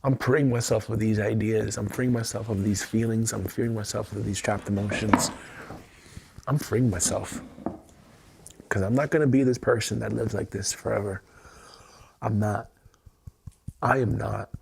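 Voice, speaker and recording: A man's voice: on the low side, fairly even intonation, normal speed, vocal fry, long pauses, background noise. A man leading an emotional tapping livestream, speaking in intense, repetitive affirmations with some swearing. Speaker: self-help livestreamer.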